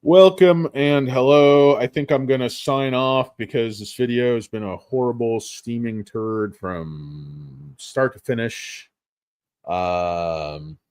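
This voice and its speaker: A man's voice: mid-range voice, darkish tone, no echo. A middle-aged man in a mid-range voice chats loosely about stocks, cursing freely and poking fun at himself. The sound is close and dry, with no room around it. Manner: rambling, profane, self-mocking. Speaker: stock market streamer. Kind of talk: casual livestream chat.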